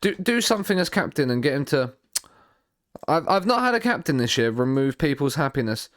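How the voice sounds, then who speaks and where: A man's voice: on the high side, big pitch swings, fairly quick, fairly bright tone, no echo, studio quality. Rambling man streaming a football sim. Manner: rambling, repeats and restarts words. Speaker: game streamer. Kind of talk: live stream commentary while playing a football manager game.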